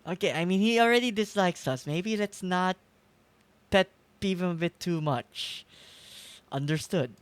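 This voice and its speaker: Casual male streamer, light higher voice, chatty with laughs, dry close mic. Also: unhurried, pauses often, clean tone, no room sound. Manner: chatty, laughs often, reads text aloud. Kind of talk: casual gameplay commentary.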